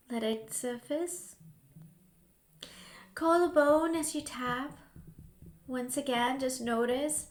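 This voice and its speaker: A woman guiding a grief tapping session in a slow, soothing voice, now and then dropping to a soft whisper. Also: high voice, roomy sound. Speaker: healing coach.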